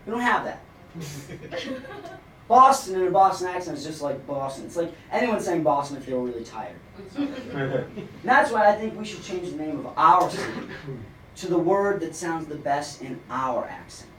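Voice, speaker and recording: A middle-aged man doing a stand-up comedy set in a club, with a dry, rambling deadpan delivery and many pauses. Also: fairly high pitch. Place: comedy club stage with live audience. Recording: roomy club sound from a distant mic, noisy. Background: audience laughter.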